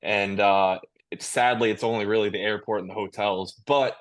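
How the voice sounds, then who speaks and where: A man's voice: lowish voice, fairly even intonation, normal speed. A man, a touring metal musician, talking casually in an interview over a video call, rambling with restarts and easy laughs. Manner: laid-back, rambling with many restarts and laughs.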